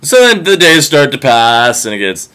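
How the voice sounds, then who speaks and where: A man's voice: medium pitch, sing-song, moderate pace, sharp tone, clean tone. A man narrating a myth in a casual, sarcastic and profane comic retelling.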